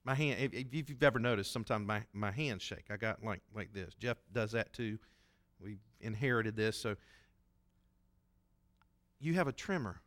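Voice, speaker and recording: A man's voice: fairly low pitch, normal speed, fairly bright tone. A man preaching as a pastor, telling a story in a folksy, conversational way and acting out the voices he quotes. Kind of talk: sermon storytelling.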